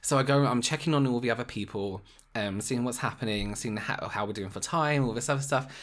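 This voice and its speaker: Man, makeup artist, casual chat, exasperated storyteller, middle pitch. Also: fairly quick. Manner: animated storyteller, exasperated retelling.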